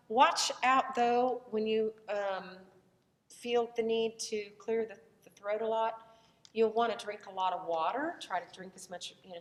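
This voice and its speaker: Southern woman teaching in an echoey room. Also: mid-range voice. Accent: Southern American. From American South. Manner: conversational, unhurried, with frequent fillers and restarts. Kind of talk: recorded lecture. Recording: echoey room, voice from far off the mic.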